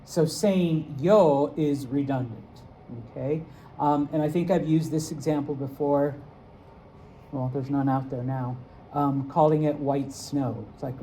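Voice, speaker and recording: Slow-talking man teaching a class. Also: on the high side, slight background noise, rough recording. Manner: lively, repeats "okay?" after each point. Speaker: Spanish teacher. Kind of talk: classroom lesson.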